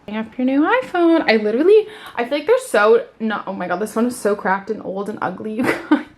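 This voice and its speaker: In a slightly high, brisk voice, a vlogger in her twenties squeals and gushes over a new phone she's unboxing. "Like" and "oh my god" come up constantly.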